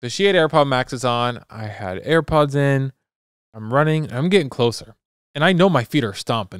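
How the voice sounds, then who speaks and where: A young man co-hosting a podcast, telling a story in a loose, rambling, animated way. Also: medium pitch, normal speed, no echo, studio quality. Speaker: podcast co-host. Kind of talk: casual chat.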